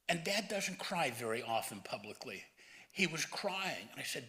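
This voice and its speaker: Bright-voiced man in his seventies giving a eulogy. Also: medium pitch, very animated, normal speed. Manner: emotional, voice rising and breaking near tears. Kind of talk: funeral eulogy.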